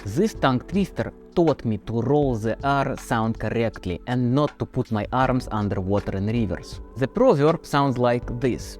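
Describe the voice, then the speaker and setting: A man from Russia with a Russian accent, giving a comedic English pronunciation tutorial in a deadpan, mock-stern manner. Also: medium pitch, measured pace, hardly any pauses, faint music behind. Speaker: English teacher.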